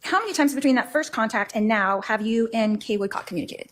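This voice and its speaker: A woman with a fairly high voice questions a witness at a quick clip. She is pointed and brisk, pressing each answer with the next question. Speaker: questioner in court. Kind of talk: courtroom cross-examination.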